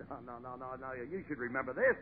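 A man playing the straight man in an old-time radio comedy routine, brisk and exasperated as he corrects his partner. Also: mid-range voice, slightly rough. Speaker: straight man in a double act. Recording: tinny old radio broadcast with hiss.

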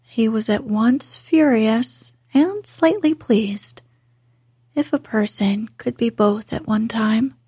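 Female narrator, whispered storybook reading; breathy, unhurried, dry close sound. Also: fairly high pitch, warm tone, no room sound. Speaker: audiobook narrator.

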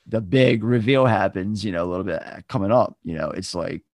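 A man's voice: low voice, a little fast, dry recording. A man hosting a podcast, casually recapping a film's plot and asking his guest questions. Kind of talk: casual film discussion.

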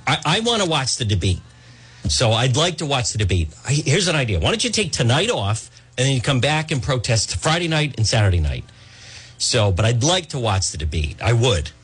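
Excitable ranting talk-radio man, husky. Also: lowish voice. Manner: excitable, ranting, repeats words and trails off. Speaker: radio talk show host. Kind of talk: opinionated talk radio monologue.

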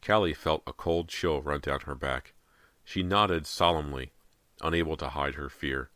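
A man reading a horror novel aloud in a measured, steady voice, close to the mic. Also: extremely low pitch, dry recording. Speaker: audiobook narrator. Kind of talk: scripted horror narration.

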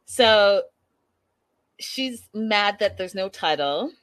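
A woman's voice: mid-range voice, lively intonation, extremely slow, a bit bright, dry recording. A young woman recapping a reality show in a chatty, incredulous way, talking straight to her viewers. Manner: chatty, incredulous, addresses viewers as "you guys". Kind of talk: casual recap commentary.

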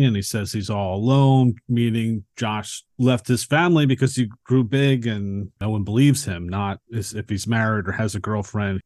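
A man's voice: mid-range voice, no room sound. A man hosting a podcast, casually and animatedly retelling the plot of a film scene by scene. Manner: animated retelling, acting out characters' lines. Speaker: podcast co-host. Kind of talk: casual movie recap.

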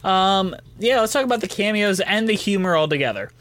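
A man's voice: high voice, animated, a little fast, a bit bright. A man co-hosting a podcast in casual, laugh-filled chat, swearing freely and talking loosely. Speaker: podcast co-host.

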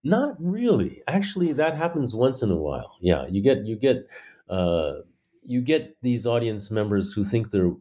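A playwright from China being interviewed, telling animated stories and acting out the voices of the people in them. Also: male voice, medium pitch, moderate pace. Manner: animated storyteller, acts out quoted voices. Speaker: playwright guest. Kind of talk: conversational interview.

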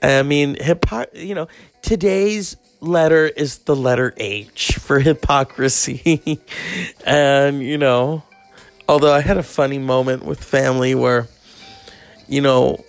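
A man's voice: slow pace, gravelly, no echo, soft background music. A man in his forties rambling and ranting in a profane monologue, often swearing and mocking people. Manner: ranting, swearing, mocking others in high put-on voices.

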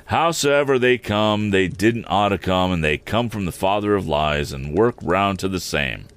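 A kindly, simple village blacksmith coaxes and reassures in slow, homely country speech, as a man reading a storybook puts him on. His voice rises and dips in wide, lively turns. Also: low voice, smooth. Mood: earnest. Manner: rustic dialect, slow and homely.

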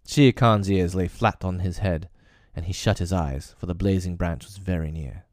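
A man narrating a classic story for his own podcast, measured, a little hesitant when speaking off-script. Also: sits low, darkish tone, no echo, studio quality.

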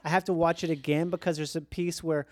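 A woman's voice: low-pitched, flat delivery, fast talker, a little mellow, dry recording. Chatty woman host, dry close sound. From Minnesota. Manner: chatty, playful, jumps into silly voices. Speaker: podcast host. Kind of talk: casual chat.

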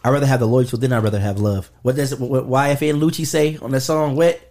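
A man's voice: medium pitch, steady tone, quick pace, a little mellow. A man hosting a podcast, joking around and talking in playful slang. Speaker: podcast host. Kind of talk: casual podcast chat.

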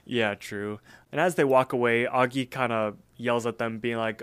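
Smooth-voiced man recapping a cartoon episode. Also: mid-range voice, fairly even intonation, normal speed. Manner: rambling, filler-heavy retelling. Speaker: podcast co-host.

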